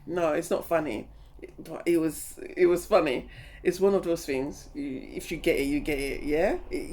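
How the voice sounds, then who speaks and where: A middle-aged woman vlogging casually about a trip, animated and laughing as she acts out her own reactions. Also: lowish voice. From lives in London. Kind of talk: casual travel vlog chat.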